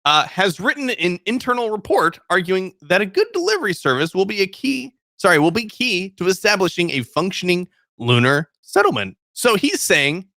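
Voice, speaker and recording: Young guy, bright tense voice, jokey and giggly, trips on his words a lot. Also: sits high, big pitch swings, moderate pace, few pauses, no room sound, studio quality. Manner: joking, laughs often, stumbles over words. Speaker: co-host. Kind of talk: casual chat.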